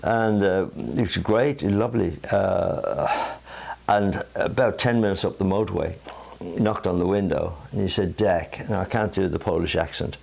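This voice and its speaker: A man's voice: sits low, moderate pace, vocal fry, darkish tone. An older man and singer telling a rambling anecdote to an old bandmate, chuckling as he goes, in a living room at home. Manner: rambling storyteller, chuckles, mimics voices in jokes. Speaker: singer and show host.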